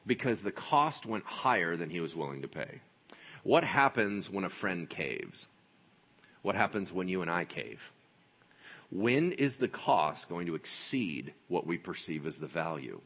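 Male pastor, husky and bright-toned, animated sermon delivery with playful asides. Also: sits low, unhurried. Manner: animated, joking, acts out voices.

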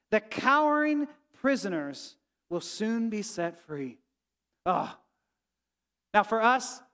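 Pastor, male, high-pitched, chatty sermon delivery, long hall reverb. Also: a bit bright. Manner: conversational preaching, asks the room "right?".

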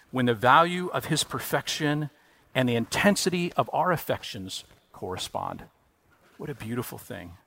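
A man preaching a sermon earnestly, rising for emphasis and dropping quiet, with occasional restarts. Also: medium pitch. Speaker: pastor.

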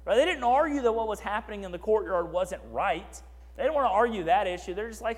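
Pastor, male, high voice, chatty sermon with asides, church hall reverb. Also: expressive, quick pace. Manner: conversational, asides and repeated "right?".

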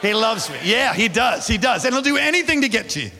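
A man preaching a sermon, telling stories with big animated energy and calling on the congregation to repeat after him. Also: very high-pitched, fast, in a large hall. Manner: animated storytelling, shouting at peaks; calls on the congregation to respond. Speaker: pastor.

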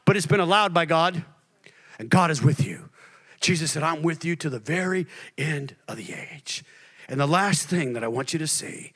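Guy pastor preaching, high bright voice, goes from whispers to shouting. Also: moderate pace. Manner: swings from hushed near-whispers to loud shouted preaching. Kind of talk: sermon.

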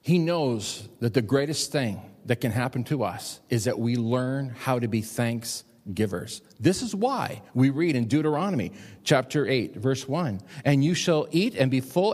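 Middle-aged pastor guy preaching hard, pushes up high on key lines, big echoey church. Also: a little mellow. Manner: emphatic, rising high when pressing a point. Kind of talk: sermon. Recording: long hall reverb.

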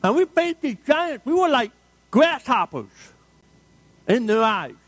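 A pastor preaching a sermon, telling the story dramatically and repeating refrains for emphasis. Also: male voice, very high-pitched, big pitch swings, unhurried, dry recording.

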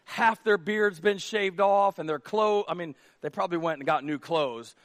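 A male pastor preaching a sermon from a church stage, with a conversational manner that moves from a hush to near shouts. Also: high voice, normal speed. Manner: conversational, drops to a hush for acted dialogue, then rises to near shouts.

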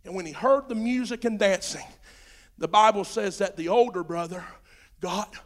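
A middle-aged man preaching a sermon, dropping to a near-hush and then rising into drawn-out shouted lines. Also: high-pitched. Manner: swings from hushed to shouting, drawn-out emphatic phrases.

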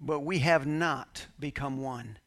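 A male pastor with a medium-pitched, slightly bright voice tells a personal story during his sermon, taking it slowly. His style is conversational: he acts out snippets of dialogue and shares jokes and laughter with the congregation.

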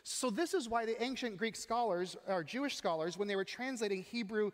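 A middle-aged man preaching a sermon in a church, talking in a conversational, animated way and often asking the congregation questions. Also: high-pitched, brisk. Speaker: pastor. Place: church sanctuary. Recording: long hall reverb.

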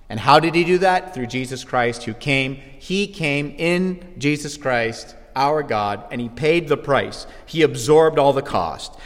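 A man preaching a sermon as pastor, swinging from quiet asides to shouted exclamations. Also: medium pitch. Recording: long hall reverb.

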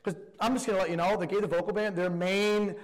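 A man in his thirties preaching a sermon, telling stories in a lively, rambling way with lots of fillers. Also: sits high, fast talker, long reverb tail, rough recording. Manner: animated, rambling storyteller with many fillers. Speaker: youth pastor turned preacher. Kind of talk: sermon with storytelling.

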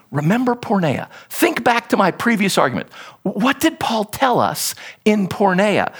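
Animated man preaching in a conversational way. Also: high-pitched, husky. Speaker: pastor. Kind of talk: sermon.

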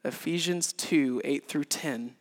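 A man in his thirties preaching a sermon in an animated way, acting out little scenes with sound effects. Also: a little high, slow pace. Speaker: pastor. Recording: reverberant hall.

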